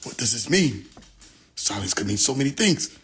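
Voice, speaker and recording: A man hosting a casual livestream, joking and laughing often, swearing freely, and swinging between loud outbursts and quiet mutters into his phone. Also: medium pitch, sing-song, moderate pace, a little hiss or hum. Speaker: livestream host.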